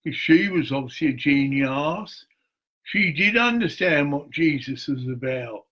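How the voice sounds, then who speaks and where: Middle-aged man, husky and bright-toned, slow crude rambling monologue full of swearing and laughter. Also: a little high, lively intonation. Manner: crude, profane, laughs often.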